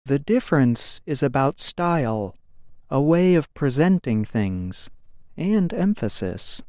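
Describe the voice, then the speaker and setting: A man narrating a scripted grammar lesson in a slow, careful, explanatory way. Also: medium pitch, a little mellow, no room sound, clean studio sound.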